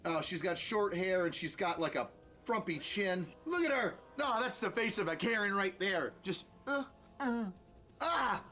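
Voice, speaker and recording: A man's voice: high-pitched, animated, measured pace, bright, forceful tone, faint music behind. A man giving sarcastic, mocking reaction commentary on a video as a streamer, ranting as he goes.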